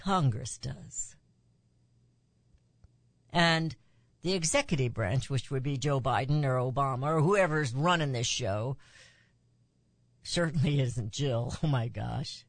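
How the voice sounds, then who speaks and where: A woman's voice: slow pace, long pauses, dry recording. A woman hosting a political talk radio show, delivering an emphatic monologue whose voice climbs on the points she stresses. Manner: emphatic, rising pitch on key points, with asides.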